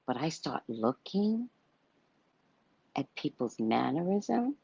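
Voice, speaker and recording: A woman's voice: sits low, animated, moderate pace, creaky, a little mellow, no echo, highs cut off. A woman hosting a psychic livestream in a casual monologue, blunt and given to cursing. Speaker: psychic host of a live show.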